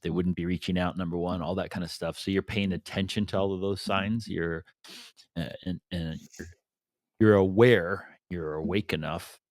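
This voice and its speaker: Man, very low voice, podcast co-host, reflective and thinking aloud, dry close sound. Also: steady tone, normal speed, darkish tone, dry recording. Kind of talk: casual reflective chat.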